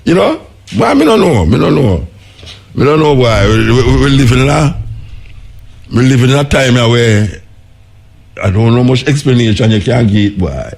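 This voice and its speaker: Raspy jamaican radio guy, husky voice, chatting away loose and lively. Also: medium pitch, moderate pace, pauses often. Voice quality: raspy, gravelly. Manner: animated, laughing, repeats words, patois. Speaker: radio host. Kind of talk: casual on-air chat.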